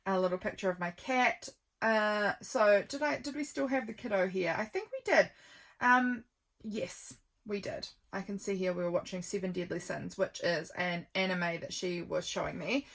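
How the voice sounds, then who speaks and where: A woman's voice: medium pitch, normal speed, vocal fry, a bit bright. Chatty, rambling woman vlogger. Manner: rambling and affectionate, with frequent ums. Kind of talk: chatty journal flip-through.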